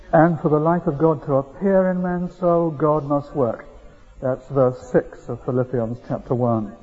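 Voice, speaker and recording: A slightly high, breathy male voice carries this sermon, preached by a middle-aged man in a storytelling, conversational style with mounting emphasis. The recording is lo-fi and dull.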